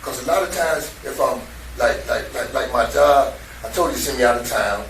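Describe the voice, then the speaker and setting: A man's voice: medium pitch, normal speed, vocal fry, fairly bright tone. A man, retelling events to detectives in a profane, streetwise, repetitive way. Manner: profane, streetwise, repeats himself. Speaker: interviewee recounting events to detectives. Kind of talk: emotional casual retelling. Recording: echoey room from a distance, faint noise.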